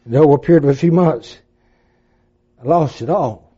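An older man preaching a sermon, dropping to a hush and then rising to impassioned, pleading peaks. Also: fairly high pitch, moderate pace, slightly rough. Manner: dramatic, swinging from hushed to impassioned. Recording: dull lo-fi sound.

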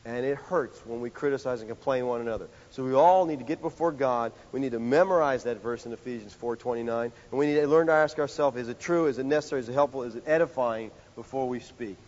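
A male pastor preaching a sermon in a conversational, animated way, full of rhetorical questions. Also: mid-range voice, quick pace, hardly any pauses. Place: church sanctuary. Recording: dull sound with long hall reverb.

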